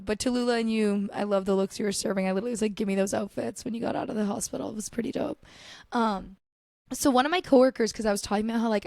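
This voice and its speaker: A young woman with a slightly high voice chats solo on her podcast, filling every sentence with "like" and cheerful swearing. She gushes dramatically about her shows and hops between topics. The sound is dry and close, with no room around her. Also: gravelly, a little mellow, no room sound. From United States. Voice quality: chatty, profane, filler-heavy with lots of "like". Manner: gushing and dramatic about TV, quick asides. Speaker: podcast host. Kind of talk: casual solo chat.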